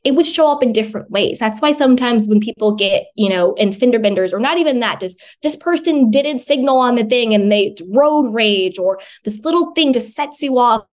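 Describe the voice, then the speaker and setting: A woman's voice: on the high side, lively intonation, fairly quick, few pauses. Earnest woman giving self-help advice. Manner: earnest, repeats phrases for emphasis. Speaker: podcast guest.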